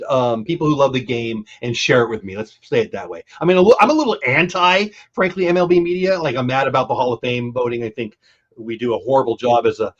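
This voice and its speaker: An enthusiastic man hosting a baseball watch-party stream, jumping between play calls and long rambling asides. His voice sits at an ordinary pitch, and it comes through on somewhat muffled, lo-fi audio. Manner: enthusiastic, rambling, talks over others. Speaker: livestream host. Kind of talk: casual livestream chat with play calls.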